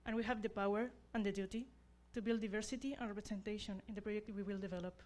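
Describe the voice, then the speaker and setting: A woman's voice: mid-range voice, fairly even intonation, fast, a little mellow. A young woman who is not a native English speaker, giving an earnest, self-deprecating graduation speech as class representative.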